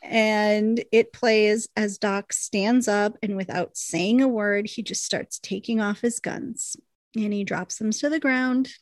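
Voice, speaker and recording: A woman co-hosting a podcast, casually retelling a TV episode with lively asides. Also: mid-range voice, slow, no echo. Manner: animated retelling, quoting characters in voices. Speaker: podcast co-host recapping a TV episode. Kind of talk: casual chat. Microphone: desk microphone.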